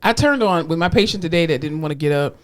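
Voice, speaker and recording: Young woman co-host, quick animated storyteller, acts out voices, laughs a lot. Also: deep voice. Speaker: podcast co-host, therapist. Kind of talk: casual chat.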